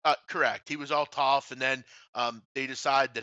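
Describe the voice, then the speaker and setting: Man, co-host, sharp forceful tone, dry lo-fi audio, profane ranting, casual talk show. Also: mid-range voice, fairly even intonation, moderate pace, no room sound. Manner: blunt and profane, ranting storyteller. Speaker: podcast co-host. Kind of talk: casual sports betting talk show chat.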